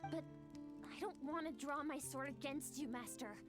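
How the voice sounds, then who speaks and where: An actress playing a determined young swordswoman who speaks in a quiet, resolute way, heard in game audio over music. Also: sits high, moderate pace, close to an everyday voice. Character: determined young female swordswoman, cool and reserved.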